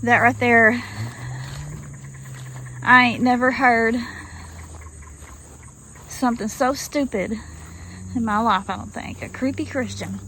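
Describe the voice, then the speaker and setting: Recorded in rural woods with low-quality audio, a woman from Arkansas drawls out a folksy story to her viewers, calling them y'all. Her voice is on the high side, steady and a bit bright, and she speaks slowly with frequent pauses. Faint outdoor noise, crickets and insects sound behind her.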